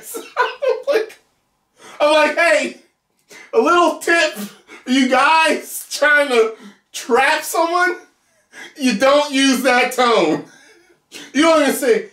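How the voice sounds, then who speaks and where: A man giving a casual video review of a TV episode, animated, laughing often and breaking into loud whoops. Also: very high voice, slow pace. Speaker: TV show reviewer. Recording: echoey room.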